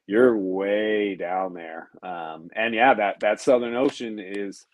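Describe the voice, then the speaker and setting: Low-voiced man explaining sailing. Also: slow, dry recording, narrow, tinny audio. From United States. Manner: explanatory, thoughtful, with frequent ums. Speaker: professional racing sailor guest. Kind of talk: relaxed conversational podcast chat.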